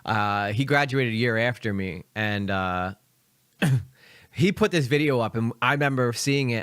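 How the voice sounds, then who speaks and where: A man's voice: medium pitch, lively intonation, a little slow, a bit bright, clear, resonant tone, no echo, studio quality. A young man from Philadelphia with a light Philly accent, rambling casually through live reaction commentary. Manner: rambling, chatty, many fillers and asides. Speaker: streamer reacting to videos.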